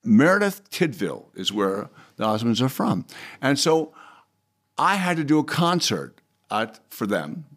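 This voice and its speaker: A man's voice: medium pitch, big pitch swings, unhurried, fairly bright tone. An older man, a guest in an interview, telling stories in a rambling way, repeating words and now and then breaking into bits of song. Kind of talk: animated storytelling.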